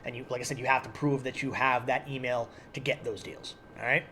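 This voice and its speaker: A man on a casual podcast, promoting sales and programs in a relaxed, teasing way. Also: mid-range voice, brisk, very noisy. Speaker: podcast co-host at an airsoft field.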